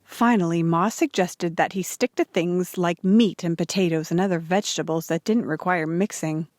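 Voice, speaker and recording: A woman reading a children's chapter book aloud in a steady, clear storytelling voice. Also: on the low side, moderate pace, dry recording, clean studio sound. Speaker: audiobook reader.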